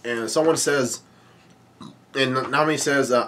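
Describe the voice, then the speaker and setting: A man casually reading a manga aloud and commenting on it, halting often with fillers and restarts. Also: medium pitch, a bit bright, slight background noise.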